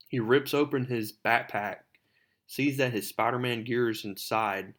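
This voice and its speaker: A man's voice: medium pitch, unhurried, fairly bright tone. A man narrating a comic book recap in a conversational way with asides.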